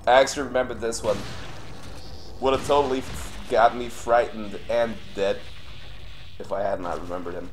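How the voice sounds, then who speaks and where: A young man streaming live gameplay and commenting as he plays. He swears often and swings between low grumbling and sudden yelling. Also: fairly even intonation, normal speed, long pauses, a little hiss or hum. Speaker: streamer playing a horror game.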